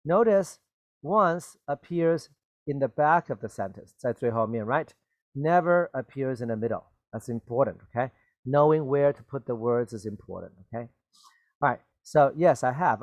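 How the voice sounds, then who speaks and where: A man's voice: medium pitch, dry recording, clean studio sound. A man teaching an English grammar lesson, patiently repeating example sentences and checking in with his students. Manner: patient and repetitive, checks in with "okay?" and "right?"; slow, deliberate explanations with stressed key words. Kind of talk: grammar lesson for Chinese-speaking learners.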